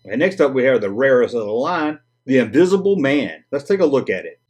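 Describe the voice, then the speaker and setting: Husky Southern US man reviewing toys. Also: mid-range voice, big pitch swings, fairly quick, darkish tone. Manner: jokey, corny puns, chatty. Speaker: toy review host. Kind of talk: casual vintage toy review.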